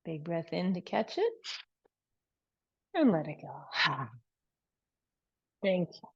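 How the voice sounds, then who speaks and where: A woman yoga teacher gently guiding a class and chatting with students on a video call. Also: lowish voice, big pitch swings, slow pace, slightly rough, no echo. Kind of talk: yoga class instruction and chat. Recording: dull video call audio.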